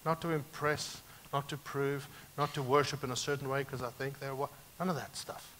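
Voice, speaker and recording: A man pastor preaching a sermon, emphatic and animated, moving sharply between loud and quiet passages. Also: medium pitch, normal speed, slight background noise.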